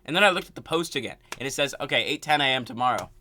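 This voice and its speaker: Bright, exasperated young man ranting. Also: mid-range voice, rapid-fire. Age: young adult. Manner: animated, exasperated, heavy "like" filler. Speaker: vlogger. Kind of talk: casual storytime rant.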